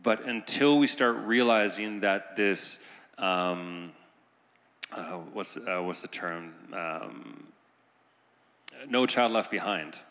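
A man's voice: low voice, takes it slowly, a bit bright. A man on a conference panel speaking earnestly, building urgency as he makes his case. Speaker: panelist, teacher. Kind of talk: panel talk. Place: conference hall. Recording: reverberant hall.

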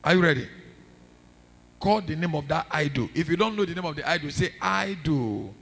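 A man with a Nigerian accent, a pastor leading a night deliverance prayer session in a church hall, shouting repeated commands. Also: a little high, brisk.

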